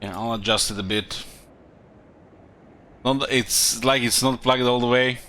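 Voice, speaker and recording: A man's voice: medium pitch, steady tone, a little slow, pushed and bright, slight background noise. A tired man streaming and commenting casually on a strategy game, thinking aloud with loose rambling sentences. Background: faint game music.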